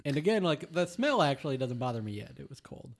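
A man's voice: mid-range voice, sing-song, fast. A young man co-hosting a podcast, chatting casually and animatedly while tasting cheese in a studio, often laughing and talking with his mouth full. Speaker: podcast co-host.

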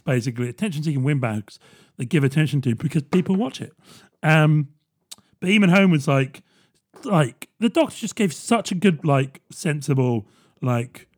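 A young man, ranting casually and sarcastically, swearing and mocking people in put-on voices. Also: a little high. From England.

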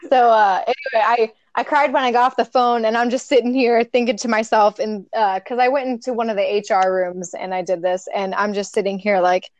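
A woman's voice: on the high side, fairly even intonation, moderate pace, no room sound. Candid, laughing young woman chatting. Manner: candid, swears freely, laughs often. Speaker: podcast co-host. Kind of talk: casual chat.

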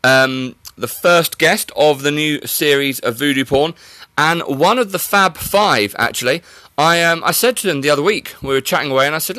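Joking male podcast host, slightly high voice. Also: normal speed, bright, forceful tone, no echo. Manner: joking, self-mocking, teasing. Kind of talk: casual chat.

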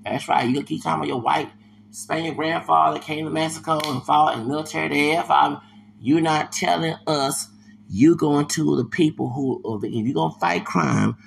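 A man from Houston with a raised, gravelly voice lays into his subject in a heated podcast rant. He circles back on the same points again and again in loose, slangy talk. A faint hiss runs under his voice. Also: a little high. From Houston, Texas. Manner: heated, slangy, repetitive, with loud bursts of laughter. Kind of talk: ranting commentary monologue.

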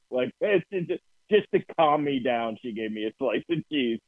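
A man's voice: medium pitch, lively intonation, normal speed, no echo. A man with a New Jersey accent co-hosting a casual podcast, telling profane, ranting stories. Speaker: podcast co-host. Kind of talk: casual chat. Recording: dry tinny phone-like sound.

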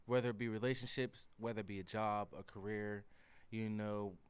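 A man who is an R&B singer, a guest on a podcast, talking in a relaxed and candid way. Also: fairly low pitch, normal speed, clean tone. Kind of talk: casual interview chat.

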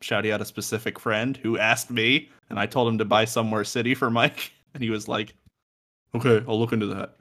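A man's voice: lowish voice, steady tone, brisk, hardly any pauses, sharp tone. A young man co-hosting a casual music podcast from a room at home, joking, swearing and laughing often. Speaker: podcast co-host.

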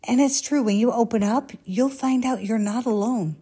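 A woman's voice: on the high side, normal speed, warm tone, breathy edge. A woman chatting candidly and confessionally, telling personal stories and acting out the voices of people she quotes. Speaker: social media coach. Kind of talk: confessional casual chat.

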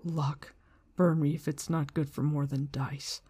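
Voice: medium pitch, little pitch movement, measured pace, warm tone, slightly rough. A book reader voicing a rattled, superstitious young male gambler who mutters uneasily. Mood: uneasy.

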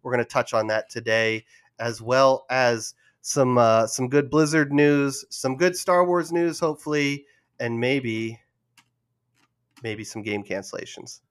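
A young man hosts a casual gaming podcast, chuckling at his own nerves and talking himself down. His pitch sits in an ordinary middle range. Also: a little slow, smooth. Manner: nervous, laughing, self-deprecating. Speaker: podcast host.

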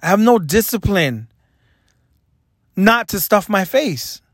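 A young man with a notably high voice speaks in a candid, reflective confessional vlog. He is earnest and hard on himself. The sound is dry and close, with no room around him. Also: expressive, slow, dry recording. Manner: earnest, self-critical, reflective. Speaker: vlogger.

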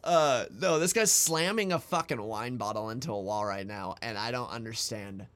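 A young man co-hosting a podcast, telling stories in a profane, excitable way while reacting to videos. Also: lowish voice, moderate pace. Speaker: podcast co-host. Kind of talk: casual chat reacting to videos.

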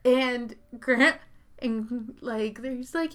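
A woman in casual chat, telling a long story full of fillers and swearing and jumping into high, loud voices when she quotes people. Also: unhurried. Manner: rambling, profane, heavy filler words.

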